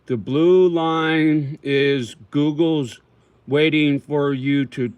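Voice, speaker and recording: A man's voice: a little high, fairly even intonation, drawn-out words, smooth, no room sound, dull audio. A man hosting a casual livestream, answering viewer comments in a profane, slangy way and calling people homie and brother while he chews tobacco. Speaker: livestream host.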